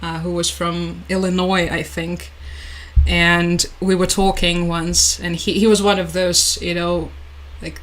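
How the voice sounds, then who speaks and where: Young woman streamer, chatty, laughs a lot, reads chat out loud. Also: lowish voice, rough recording. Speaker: live stream host. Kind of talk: casual live stream commentary.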